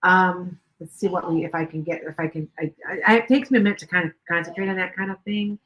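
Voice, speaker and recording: A woman's voice: fairly low pitch, fairly even intonation, fast talker, muffled recording. Chatty older woman rambling on a livestream. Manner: rambling, chatty, many restarts. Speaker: tarot reader livestream host. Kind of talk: casual livestream chat.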